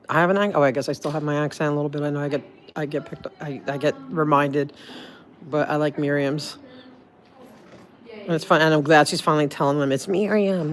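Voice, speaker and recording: Low-voiced Jersey woman streaming. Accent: New Jersey. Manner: rambling and chatty, full of "like" and restarts. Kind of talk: casual livestream chat.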